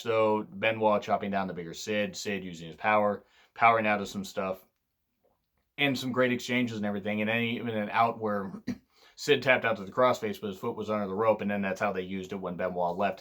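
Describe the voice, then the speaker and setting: A tired man hosting a casual wrestling countdown, rambling, swearing freely and often clearing his throat. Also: fairly low pitch, fairly bright tone. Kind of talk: casual spoken countdown commentary.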